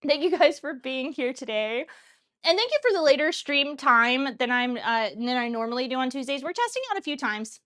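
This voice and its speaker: Her voice is high and fairly bright, with lively intonation at a normal speed. A cooking show streamer in her thirties, she chats casually on her livestream, rambling and frequently laughing.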